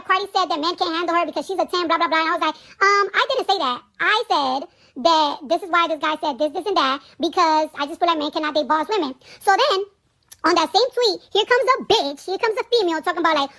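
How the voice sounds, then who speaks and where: A woman from the Caribbean rants on a live stream. She talks very fast and in a very high, bright voice. She is brash and profane, and she circles back over the same points. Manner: brash, profane, repeats herself. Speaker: livestreamer.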